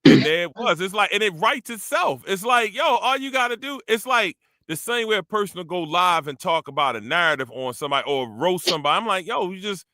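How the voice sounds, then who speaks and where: A man hosting a casual chat, animated, breaking into sung demonstrations of vocal ranges. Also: high voice, brisk, few pauses, dry recording. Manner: animated, breaks into singing demos. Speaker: podcast host and parody songwriter.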